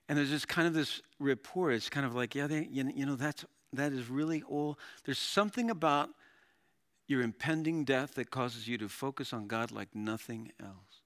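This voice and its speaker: Bright-voiced animated male pastor. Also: medium pitch, moderate pace. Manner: animated, dramatic scripture reading with laughs. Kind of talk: sermon.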